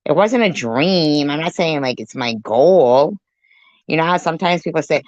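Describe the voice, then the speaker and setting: A woman's voice: low-pitched, lively intonation, moderate pace, a little mellow, dry recording. A woman hosting a commentary channel, mocking and sarcastic as she reacts to clips, swearing freely. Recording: dull lo-fi dry sound.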